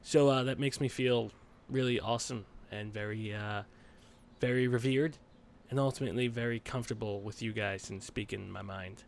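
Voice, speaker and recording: A man's voice: medium pitch, fairly even intonation, moderate pace, vocal fry, slight background noise. Rambling young male let's-play host. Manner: rambling, swears, rants with rising energy. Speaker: gaming channel host. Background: game music.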